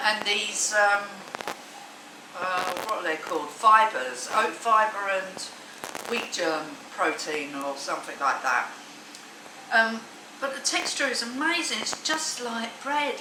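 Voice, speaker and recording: A woman's voice: mid-range voice, expressive, slow. Chatty woman in an echoey kitchen. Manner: chatty and enthusiastic, many ums and restarts. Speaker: home cooking vlogger. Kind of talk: casual kitchen vlog. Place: cold home kitchen. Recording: echoey room, distant mic, noisy.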